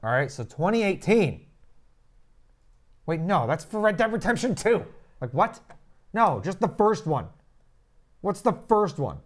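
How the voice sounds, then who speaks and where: A man's voice: sits high, sing-song, a little slow, long pauses. Joking young man co-hosting a stream. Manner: joking, goofy, rambling. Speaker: stream co-host. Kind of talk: casual gaming chat.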